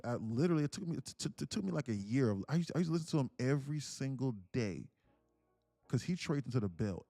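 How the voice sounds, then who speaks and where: A man's voice: mid-range voice, dark tone, no room sound. A man hosting a livestream, telling a story in a rambling, profane, casual way. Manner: rambling, profane, full of restarts. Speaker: livestream host.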